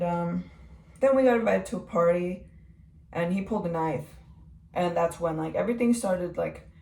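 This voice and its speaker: A woman's voice: on the low side, darkish tone. Rambling young woman, echoey and distant. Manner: rambling, heavy use of "like" and "um". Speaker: vlogger. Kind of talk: personal testimony. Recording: echoey room from far off.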